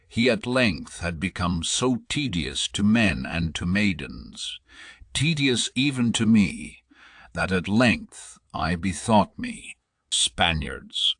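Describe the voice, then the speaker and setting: A man's voice: sits low, a bit bright, breathy edge, dry recording, studio quality, heavily acted. A man reading as a hearty old blacksmith. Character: hearty older male blacksmith turned herdsman.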